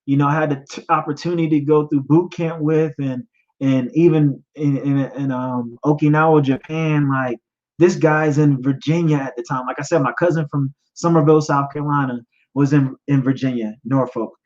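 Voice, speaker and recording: A man in his thirties, a podcast host telling his own story in a personal testimony, emotional and halting, repeating himself and fighting back tears. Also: a little high, fairly even intonation, darkish tone, muffled recording. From United States. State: choked up, near tears. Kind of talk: personal testimony, live stream talk.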